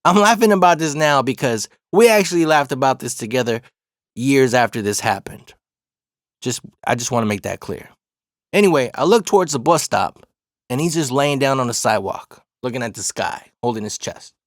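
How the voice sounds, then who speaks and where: A man from Arizona casually telling a personal story, profane and slang-heavy, with animated retelling. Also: mid-range voice, moderate pace, no echo, clean studio sound. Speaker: storyteller host.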